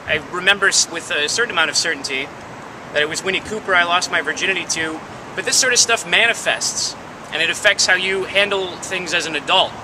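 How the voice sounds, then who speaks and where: Wry man with a high voice. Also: brisk, background noise. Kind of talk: confessional joke.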